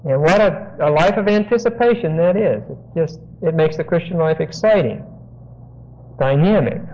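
A high-pitched man teaches verse by verse, slowly explaining each word and pausing so listeners can note phrases. The recording is dull and lo-fi, like an old tape of a sermon. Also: lively intonation, dark tone, slight background noise. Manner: explanatory, dictates phrases for notes. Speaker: preacher. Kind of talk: expository Bible teaching.

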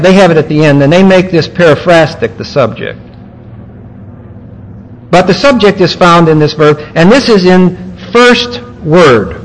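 A male preacher giving an expository sermon, teaching word by word with emphatic pauses. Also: a little high, low-quality recording. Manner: teacherly, explaining grammar point by point with emphatic pauses.

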